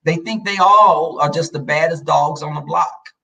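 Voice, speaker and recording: Livestream host, male, gravelly and a touch high, chatty, talks to viewers, sits back from the mic. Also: normal speed, bright, forceful tone, distant mic, poor audio. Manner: chatty storyteller addressing viewers. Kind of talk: casual livestream chat.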